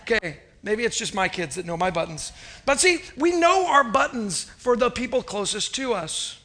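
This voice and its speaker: A man's voice: high voice, sing-song, moderate pace, sharp tone. A man preaching a sermon in a church, upbeat and chatty, joking with the congregation. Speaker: pastor. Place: church sanctuary.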